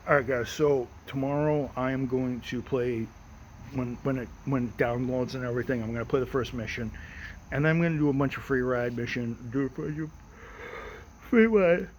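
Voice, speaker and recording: An American man hosting his own show, talking outdoors in a relaxed, rambling way with many restarts. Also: mid-range voice, slight background noise, poor audio. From United States. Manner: rambling and repetitive, frequent restarts; relaxed and unhurried. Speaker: host of his own daily audio show. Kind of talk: casual personal monologue. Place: outdoors at night.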